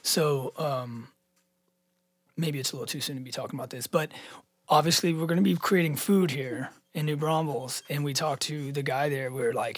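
Husky, enthusiastic slangy man. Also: fairly high pitch, moderate pace, dry recording. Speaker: podcast host. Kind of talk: casual chat.

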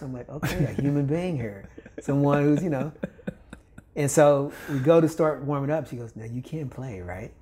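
This fairly high-pitched, moderately paced voice belongs to an older man from Kentucky, a volleyball coach guesting on a podcast. Chatting casually, he tells a story with lots of animation, imitating the people involved and laughing frequently.

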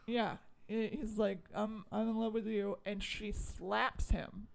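A woman co-hosting a podcast, telling a film's plot in rambling, animated casual chat. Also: medium pitch, slow pace, vocal fry. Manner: rambling and animated, lots of fillers, swears. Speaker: podcast co-host. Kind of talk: casual chat recapping a film.

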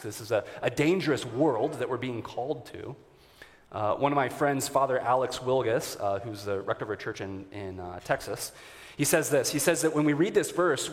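A man preaches to his congregation as their pastor, earnest and warm, his voice sitting at a middle pitch. He stumbles now and then with fillers and small restarts. His words ring out with the long reverb of a church hall. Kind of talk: sermon. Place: church sanctuary.

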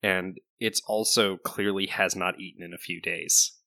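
A man's voice: sits low, steady tone, moderate pace, creaky, sharp tone, no room sound. A man hosting and running a tabletop game as game master, narrating in a casual, laid-back way.

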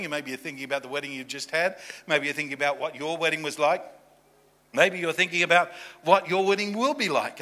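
A man with a high, bright, ringing voice preaching a sermon. He swings between loud, punchy emphasis and quiet, intimate asides, and acts out the people in the story with quick voices. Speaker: pastor.

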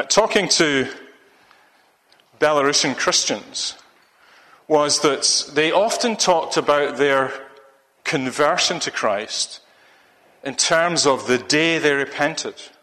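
A man's voice: medium pitch, bright, forceful tone, big-room sound. A man preaching a sermon, rambling and restarting his sentences often. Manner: rambling, with many restarts and fillers.

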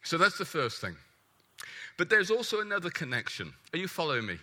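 Bright, forceful male preacher. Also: fairly high pitch, a little fast. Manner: animated, emphatic, asks the congregation questions. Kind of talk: sermon.

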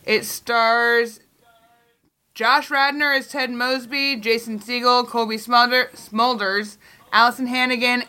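A woman hosting a casual podcast chat in a bright, clear-ringing voice that sits a little high. She jokes around, laughs often and swears freely. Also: fairly even intonation, a little slow. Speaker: podcast host.

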